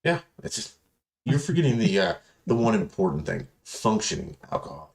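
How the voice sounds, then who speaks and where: A man's voice: on the low side, a little fast, vocal fry. A man hosting a podcast, telling rambling, profane stories in casual chat and acting out the people in them. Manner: rambling, profane, animated storytelling with voiced quotes. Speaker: podcast host.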